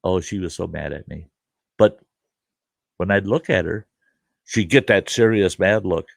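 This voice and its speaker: A man's voice: sits low, a little slow, dry recording. An older man, hosting and telling a story casually, chuckling as he goes. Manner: animated, chuckling, dry gravelly delivery. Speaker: host.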